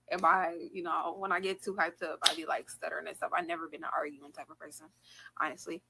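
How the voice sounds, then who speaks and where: A woman talking casually in a livestream, rambling and animated as she vents. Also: deep voice, fast talker, creaky, slight background noise, rough recording. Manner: rambling, animated, trailing off and restarting.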